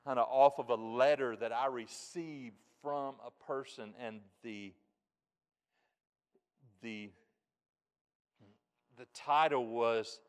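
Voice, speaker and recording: A man preaching a sermon in a folksy way, dropping soft and then rising loud and emphatic, from a church pulpit. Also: mid-range voice, fairly even intonation, takes it slowly, long pauses, clean tone. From United States. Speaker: pastor. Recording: long reverb in a large hall.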